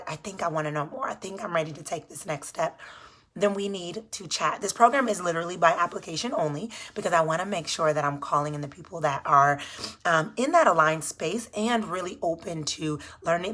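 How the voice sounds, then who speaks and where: A woman business coach speaking casually in a live video, with a groggy just-woke-up voice, earnest and encouraging, repeating words for emphasis. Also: fairly bright tone. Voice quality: low, slightly groggy.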